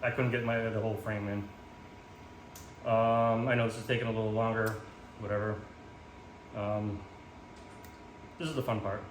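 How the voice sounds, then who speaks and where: A man's voice: lowish voice, little pitch movement, moderate pace, pauses often. A man chatting casually while cooking at home, rambling with lots of ums and self-mocking jokes, filmed on a phone. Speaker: home cook vlogger. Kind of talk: casual cooking vlog chat. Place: home kitchen. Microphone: phone camera in portrait mode. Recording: echoey room with background noise.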